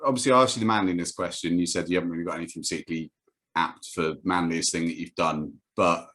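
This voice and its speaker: A man hosting an interview, teasing his guest with dry, deadpan humor over a video call. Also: low-pitched, quick pace. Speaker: host. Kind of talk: casual interview chat.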